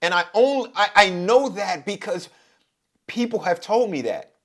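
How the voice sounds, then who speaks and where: A middle-aged man from Brooklyn with a New York accent, talking in a reflective, passionate monologue and getting louder as he drives his point home. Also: normal speed. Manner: passionate, rises in pitch and loudness when making a point. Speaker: podcast host.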